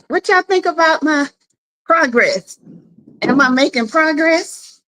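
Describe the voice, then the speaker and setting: A woman's voice: sits high, lively intonation, slow pace, long pauses, fairly bright tone. A woman hosting a casual live stream from her home, chatting with viewers, greeting them by name and laughing often. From South Carolina. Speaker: livestream host.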